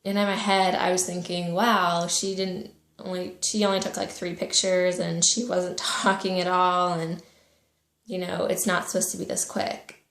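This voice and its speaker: Soft-spoken woman with a gravelly voice. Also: on the low side, little pitch movement. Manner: emotional, halting, soft-spoken. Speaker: vlogger. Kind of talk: personal storytelling. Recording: echoey room.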